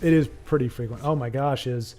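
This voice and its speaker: A man's voice: mid-range voice, brisk, soft background music. Chatty man commentating a card game. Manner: chatty, rambling, excitable outbursts. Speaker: livestream host. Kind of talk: casual livestream game commentary.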